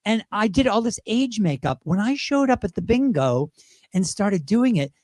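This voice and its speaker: This male speaker from Great Britain is a drag performer whose voice sits high. Recorded with no audible room sound, he spins stories in a relaxed interview, laughing mid-sentence and tossing off rapid impressions.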